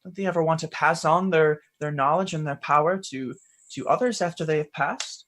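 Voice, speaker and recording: A man voicing an earnest, curious young male adventurer who asks questions a little haltingly. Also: a little high, a bit bright, close to an everyday voice.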